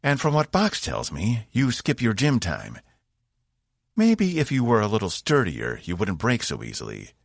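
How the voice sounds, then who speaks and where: Man doing a female ship captain, raised gravelly voice, sarcastic, brisk, audiobook. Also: lowish voice, wildly swooping pitch, no room sound, studio quality, pitched above the performer's own voice, full character voice. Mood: teasing. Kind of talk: audiobook character voice.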